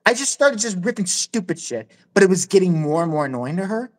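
This man's voice is high-pitched and fairly quick, captured in a rough recording. Hosting a podcast, he spins a loose, profane story in animated fashion, performing the characters' voices as casual storytelling chat.

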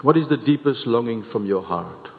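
A man's voice: mid-range voice, lively intonation, moderate pace, gravelly. A man from South Africa preaching a sermon, earnest and repeating words as he builds each point. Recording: tinny phone-like sound, long hall reverb.

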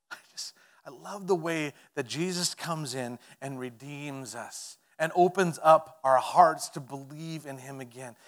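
Animated preaching man, slightly high voice. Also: a little slow. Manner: animated storytelling, swinging from loud to hushed; conversational and playful with the congregation. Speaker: pastor. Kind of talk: sermon.

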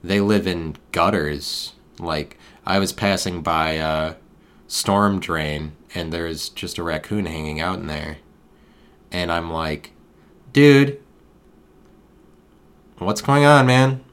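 Low-voiced man musing deadpan. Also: slow pace. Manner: meandering, deadpan absurd tangents. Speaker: podcast host. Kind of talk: rambling solo podcast musing.

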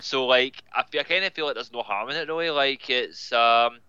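A man's voice: medium pitch, brisk, pushed and bright, clear, resonant tone, dry recording, muffled recording. A Scottish man, a comic book writer, chatting as a guest in a casual podcast interview, full of "like" fillers. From Scotland.

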